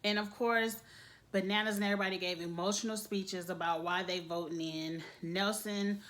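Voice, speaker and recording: A woman chats casually while recapping a reality TV episode, her medium-pitched voice rising and falling expressively. She speaks at a moderate pace and laughs often.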